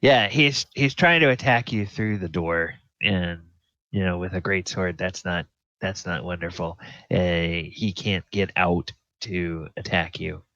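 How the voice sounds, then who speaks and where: Male game master, slow and gravelly, halting delivery. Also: low-pitched, sharp tone, dry recording. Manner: halting, full of ums and restarts. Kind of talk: narrating a tabletop game. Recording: slightly dull, dry audio.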